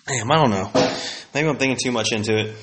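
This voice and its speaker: A man's voice: mid-range voice, quick pace, fairly bright tone. A man hosting a solo podcast, venting bluntly in a casual, profanity-heavy rant that circles back on itself. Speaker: podcast host.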